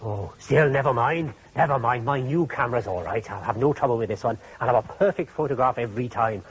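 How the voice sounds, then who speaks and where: A man's voice: mid-range voice, fairly quick, slight background noise, lightly acted, low-quality recording. A man voicing a fussy, anxious male fox photographer in a children's TV puppet play, who stammers when flustered.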